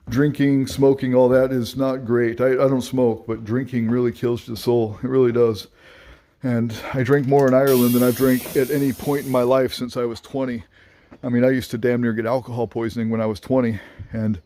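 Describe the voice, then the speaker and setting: A man's voice: mid-range voice, darkish tone, no echo. A man talking candidly to camera in a reflective, subdued vlog monologue.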